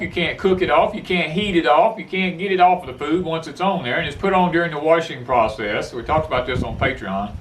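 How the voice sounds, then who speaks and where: A man's voice: medium pitch, fairly bright tone, far from the mic, a little hiss or hum, rough recording. A man hosting a homestead channel, talking casually and emphatically to his viewers, with many restarts. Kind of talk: casual porch talk to viewers.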